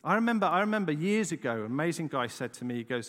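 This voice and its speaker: A man's voice: a little high, fast talker, few pauses. A middle-aged English man preaching, telling a story dramatically and checking in with the listeners as he goes. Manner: animated, dramatic storytelling with frequent "right?" asides. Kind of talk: storytelling sermon. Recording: long hall reverb.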